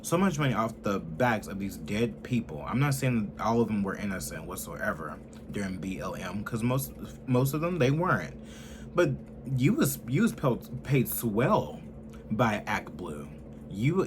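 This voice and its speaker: A man in his twenties ranting heatedly and profanely in a political commentary, swinging from loud outbursts to low muttering. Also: noisy background. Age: 20s.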